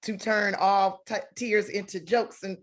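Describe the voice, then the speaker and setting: A woman in her late thirties talking as a TV interview guest, with a voice of middle pitch. She is lively and plays out the back-and-forth of remembered conversations. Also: unhurried. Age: 30s. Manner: lively, acts out quoted exchanges. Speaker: actress, guest. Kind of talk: talk show interview.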